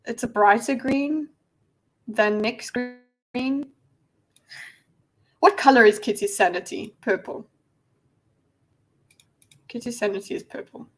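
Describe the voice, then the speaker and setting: A woman's voice: on the high side, takes it slowly, pauses often, rough recording. A woman hosting a casual livestream, rambling, giggling and poking fun at herself as she sets things up. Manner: rambling, giggly, self-deprecating. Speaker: livestream host.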